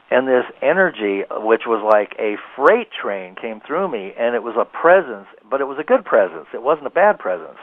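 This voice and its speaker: Male radio guest, animated rambling storyteller, middle pitch, heard over a tinny phone line. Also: no room sound. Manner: rambling, animated storyteller who laughs easily. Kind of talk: casual radio interview storytelling.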